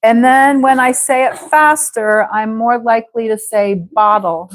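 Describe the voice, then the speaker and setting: A woman teaching an English class, saying short phrases slowly and clearly for learners to repeat. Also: a little high, poor audio. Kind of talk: live English class drills.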